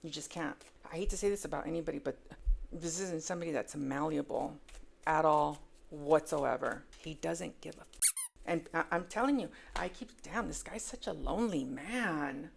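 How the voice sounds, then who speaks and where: Gravelly-voiced woman giving an emphatic tarot reading. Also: low voice, moderate pace, slight background noise. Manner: emphatic, repeats words for effect; swings between hushed asides and loud exclaims. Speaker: tarot reader. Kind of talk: casual tarot reading monologue.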